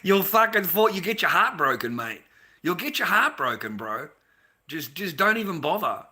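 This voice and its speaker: A middle-aged man with an Australian accent rants at his audience, rambling and lecturing with heavy profanity. His voice is tense and cutting, and it sits a little high for a man. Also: very animated, normal speed, sharp tone. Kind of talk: casual rant to viewers.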